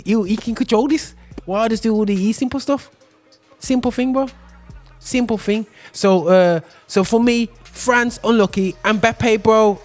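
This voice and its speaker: An excitable man hosts a laid-back football podcast, his voice sitting high. He piles up repeats and fillers as he makes his point. Faint music plays quietly underneath. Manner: excitable, repeats "bro" often. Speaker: podcast host. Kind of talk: casual football chat.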